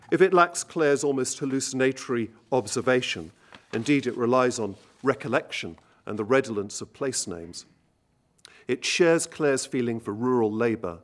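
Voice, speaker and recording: A man introducing songs at an evening recital, speaking in a measured, literary way and reading poems aloud. He slows down to stress quoted lines. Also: medium pitch. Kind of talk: lecture with poetry reading.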